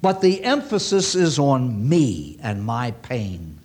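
A man's voice: mid-range voice, big pitch swings, slow pace, a little mellow, husky. A man preaching a sermon to an audience, emphatic and repeating key phrases for weight.

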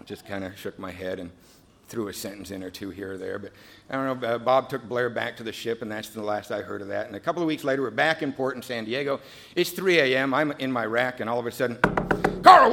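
Man telling a story at a recovery meeting. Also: mid-range voice. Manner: lively storyteller who acts out the voices in his tales. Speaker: speaker sharing his recovery story.

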